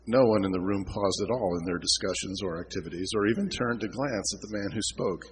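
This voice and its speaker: A man's voice: low voice, brisk, hardly any pauses, a little hiss or hum, rough recording. A man reading aloud from his own novel at a convention, with small slips and restarts. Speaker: author reading his book.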